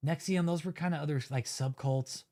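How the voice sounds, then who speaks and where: A man's voice: fairly high pitch, brisk, warm tone. A man hosting his own channel, delivering a heated, heavily profane and blunt rant of commentary. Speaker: channel host. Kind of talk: angry ranting commentary.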